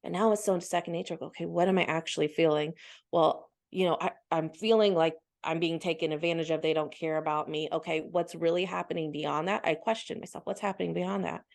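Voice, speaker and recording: A woman's voice: low voice, fairly even intonation, quick pace, creaky, a little mellow. A woman guest on a podcast, earnestly explaining her healing practice and voicing her own inner thoughts as she goes. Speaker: podcast guest, spiritual healer. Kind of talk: conversational interview.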